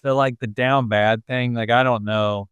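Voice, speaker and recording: A laid-back man co-hosting a podcast, answering in a dry, easygoing way. His voice is smooth and resonant, recorded close and dry. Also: medium pitch, fairly even intonation, measured pace, a bit bright, dry recording, muffled recording. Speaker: podcast co-host. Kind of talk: casual chat.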